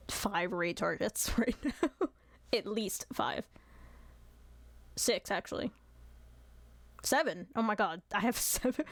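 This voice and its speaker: A woman's voice: a little high, dry recording. Giggly woman streamer, dry sound. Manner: giggly, apologetic, chatty. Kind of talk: casual chat with viewers.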